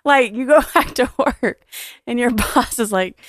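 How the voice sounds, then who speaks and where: This is a woman with a fairly high voice, chatting on a podcast. She tells a story with plenty of swearing, often laughing and acting out the people in it. The sound is close and dry. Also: measured pace, no room sound. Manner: swears freely, laughs through stories, acts out quoted people. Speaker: podcast co-host. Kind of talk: casual comedic storytelling.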